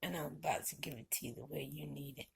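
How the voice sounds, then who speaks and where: A woman's voice: low voice, steady tone, fast, vocal fry, a little hiss or hum. A middle-aged woman vlogging at home, giving folksy, heartfelt advice and blessings to her viewers. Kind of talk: casual talk to camera. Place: indoors at home.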